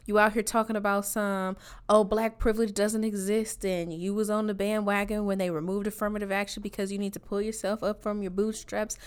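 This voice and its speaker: A woman's voice: mid-range voice, flat delivery, a little fast, hardly any pauses, clear, resonant tone. A woman in a blunt, profane rant to her viewers, driving each point home with a repeated "all right?". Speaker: online commentator. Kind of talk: ranting monologue to camera.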